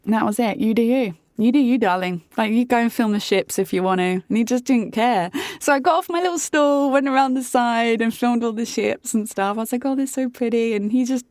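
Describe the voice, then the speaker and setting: A woman's voice: fairly high pitch, fairly quick, a little mellow, no room sound, clean studio sound. A young woman vlogger telling a candid, chatty story about her relationship, full of fillers and swearing. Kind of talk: casual storytelling to camera.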